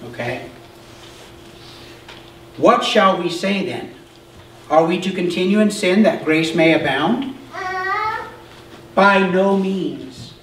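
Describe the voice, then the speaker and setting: A male pastor preaching a sermon, explaining scripture in a conversational way with frequent "okay?" checks and occasional shouted emphasis. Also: high voice, expressive, takes it slowly, pauses often, a little hiss or hum. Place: church sanctuary. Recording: roomy, distant church recording.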